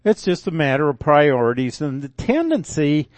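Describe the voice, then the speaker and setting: An older man preaching a conversational sermon, unhurried and folksy, with asides and self-corrections. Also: on the high side, big pitch swings, no echo.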